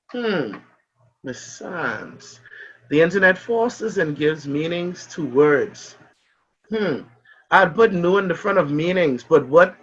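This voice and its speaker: A Bahamian man with a fairly high voice teaches an online class, calling on students by name and walking through examples. The sound is dull and muffled, as on a video call. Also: fairly bright tone. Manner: calls on students by name, asks and answers questions.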